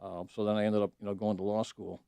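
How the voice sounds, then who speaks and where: Middle-aged man, low mellow voice, dry studio sound, earnest guest who restarts often. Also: level tone, quick pace, vocal fry, clear, resonant tone, no echo. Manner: earnest storytelling, frequent restarts and fillers. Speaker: judicial candidate, radio guest. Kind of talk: casual radio interview. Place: radio studio.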